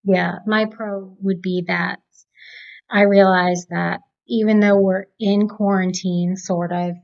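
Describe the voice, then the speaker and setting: A woman's voice: medium pitch, level tone, slow, creaky, dull audio. A woman co-hosting a casual movie review chat, talkative and steering the conversation. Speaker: podcast co-host.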